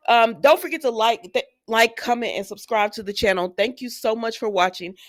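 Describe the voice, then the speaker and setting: Woman, soap recap host, casual chat, opinionated, talks straight to viewers. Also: medium pitch. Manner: chatty and opinionated, addresses viewers directly.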